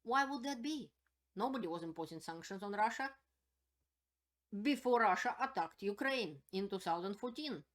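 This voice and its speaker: A woman's voice: mid-range voice, animated, normal speed. A woman hosting her own channel, giving spoken political commentary in an indignant, emphatic way and repeating her points.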